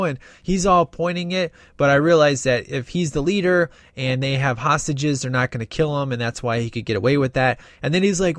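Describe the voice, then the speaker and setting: Animated man recapping a movie, dry sound. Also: medium pitch, a little fast, hardly any pauses, no room sound. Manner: animated retelling, acts out quoted dialogue, many fillers. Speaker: movie reviewer. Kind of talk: casual film recap.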